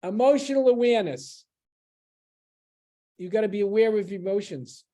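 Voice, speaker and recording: A man giving a public lecture at a library as a guest speaker, explaining in a conversational way with pauses and restarts. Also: high voice, warm tone.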